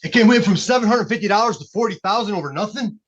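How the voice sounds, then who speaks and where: A man's voice: high voice, animated, fast, highs cut off, background noise. A man as a defendant at a bond hearing, agitated and pleading, stumbling over his words. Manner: pleading, agitated, repeats himself.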